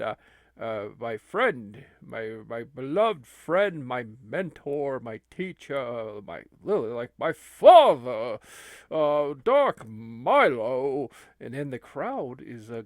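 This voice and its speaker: A man narrates a game with exaggerated, theatrical despair, his pitch swooping high and low as he drawls along unhurriedly. The sound is dry and close to the mic. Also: big pitch swings, slow, no echo. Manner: melodramatic mock wailing. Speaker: gameplay commentator. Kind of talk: comedic let's-play commentary.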